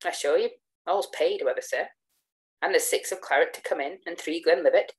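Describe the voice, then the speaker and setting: A woman's voice: fairly low pitch, brisk, lightly acted. A woman voicing a male tavern waiter who answers in a plain, deferential way. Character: polite tavern waiter, a man.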